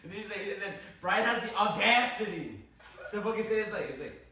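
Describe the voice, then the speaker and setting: A man's voice: high-pitched, lively intonation, fairly quick, sharp tone. A young man casually telling a story to friends, profane and rambling, repeating himself and laughing often. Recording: roomy, echoey room, mic at a distance.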